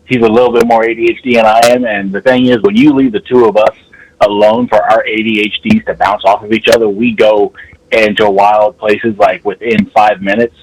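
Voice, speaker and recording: A man's voice: fairly low pitch, level tone, a little fast, slightly rough, low-quality recording. A man calling in to a podcast over the phone, chatting casually and rambling until he loses his train of thought. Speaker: caller. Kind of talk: casual chat. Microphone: phone with earbud, then speakerphone.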